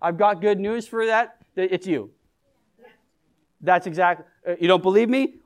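Man, pastor, high-pitched voice, conversational sermon, quizzes the congregation, jokey. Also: unhurried. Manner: engages the congregation with questions and humor.

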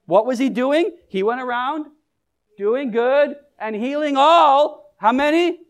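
A pastor with a notably high voice delivers a casual, conversational sermon. He keeps turning to the congregation with questions and light jokes, as if chatting with them. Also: takes it slowly. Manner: engages the congregation with questions and humor.

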